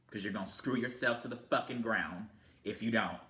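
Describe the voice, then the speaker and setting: A man's voice: lowish voice, fairly even intonation, a little fast, bright, forceful tone. Blunt, heated man ranting in an echoey room. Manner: blunt, heated, swearing constantly. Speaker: vlogger. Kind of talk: profane motivational rant.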